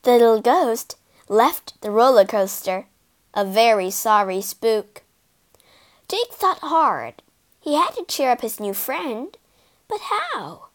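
Brief: woman storyteller for kids, slow and lively, high pitched. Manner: expressive, animated narration. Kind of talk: children's storybook reading.

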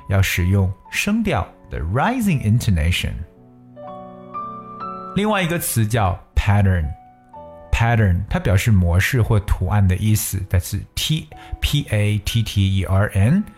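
Male language teacher, low-pitched, animated rise and fall, careful demo reading with deliberate stress on key words. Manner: reads sentences slowly, then repeats and spells words letter by letter. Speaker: English teacher. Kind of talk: bilingual English lesson, reading aloud and explaining.

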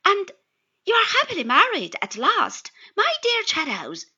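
A woman's voice: high-pitched, huge pitch swings, normal speed, sharp tone, full character voice. A woman voicing a friendly young man who exclaims with delight, on slightly dull audio. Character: warm young man, the storyteller's younger self.

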